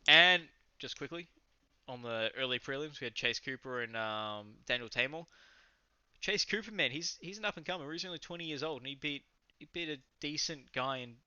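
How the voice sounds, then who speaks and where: This podcast co-host is a young Australian man who rambles and swears a bit as he enthusiastically recaps a fight in a loose, casual way. He has a mid-range voice that sounds bright, forceful, clear and resonant. There's no echo, though the lo-fi audio is slightly muffled.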